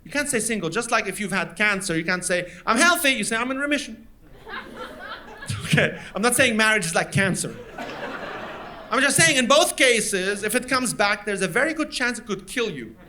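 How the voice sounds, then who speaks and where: A man doing a stand-up comedy set, with punchy, animated delivery and voiced quotes, recorded live with a crowd. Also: high voice, moderate pace, slight background noise. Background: audience laughter.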